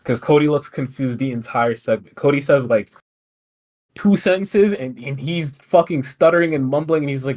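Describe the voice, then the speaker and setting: A man's voice: medium pitch, moderate pace, darkish tone. A man co-hosting a podcast, recapping wrestling in a casual, profane, rambling way with frequent laughs. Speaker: podcast co-host.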